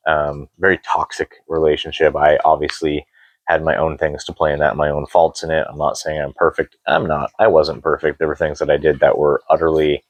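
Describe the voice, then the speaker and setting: A man's voice: extremely low pitch, no echo, low-quality recording. A middle-aged man co-hosting an unscripted couple's podcast, talking candidly and rambling, swearing freely. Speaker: podcast co-host.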